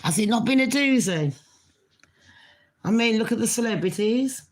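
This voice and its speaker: A woman's voice: fairly high pitch, expressive, normal speed. A middle-aged woman, chatting casually to her viewers in a rambling, cheeky way while she has a cold and a cough. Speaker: vlogger. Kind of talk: casual rambling chat to camera.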